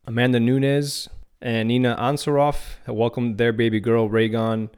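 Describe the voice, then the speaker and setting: Smooth-voiced man giving casual MMA talk. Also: mid-range voice, flat delivery, normal speed, a little mellow. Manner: casual, opinionated, some restarts. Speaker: podcast host. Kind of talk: solo MMA news commentary.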